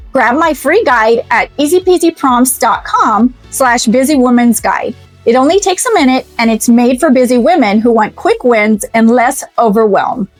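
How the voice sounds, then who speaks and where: Animated, laughing middle-aged woman host. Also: a little high. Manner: animated and chatty, laughing often. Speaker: podcast host. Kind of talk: casual podcast monologue.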